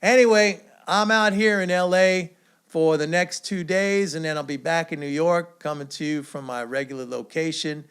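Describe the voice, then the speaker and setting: A man's voice: fairly high pitch, fairly even intonation, normal speed, a bit bright, clean tone. A man hosting his own economics commentary video, talking in a confident, emphatic, lecturing way. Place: away from usual studio.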